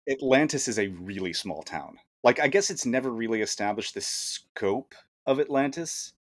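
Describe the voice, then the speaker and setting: A man's voice: medium pitch, animated, moderate pace. A man co-hosting a casual podcast, riffing on a bad movie and reading incredulously from his notes. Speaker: podcast co-host.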